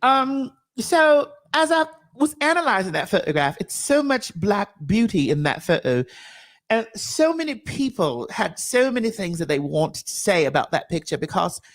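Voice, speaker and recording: A woman's voice: mid-range voice, sing-song, moderate pace. A woman hosting a comedic talk show, playful and theatrical, laughing often as she hams up a mock British persona. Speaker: host.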